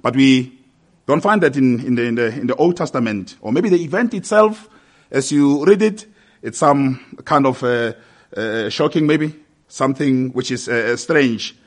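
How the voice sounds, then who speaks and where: A man preaching a sermon at a mid-range pitch. He speaks in a measured way with small hesitations, then gains force and lift when he reads scripture aloud. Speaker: pastor.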